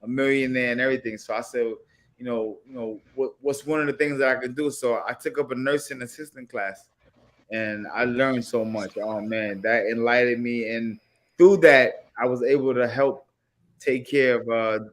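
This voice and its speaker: A former boxing champion sits in on a casual podcast chat. His voice sits in a comfortable middle range, and he reflects on his life in an unhurried, laid-back way, circling back to his points as he goes. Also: mid-range voice, fairly even intonation. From New York.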